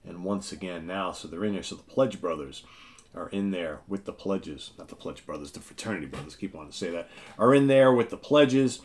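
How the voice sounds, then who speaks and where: A man with a deep, low voice walks through an old comic, page by page. He reads captions aloud and keeps checking in with listeners. The tone is loose and conversational. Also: lively intonation, a little fast, darkish tone. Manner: chatty, keeps checking in with "right?". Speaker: comic book show host. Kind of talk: casual comic book walkthrough.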